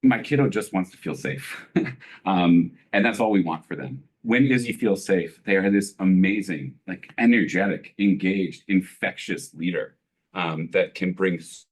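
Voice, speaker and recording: A deep-voiced man speaking up as a parent at a school board meeting. He talks earnestly, stopping and restarting often with many fillers. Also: a little slow. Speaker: parent giving public comment. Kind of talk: emotional public comment at a meeting.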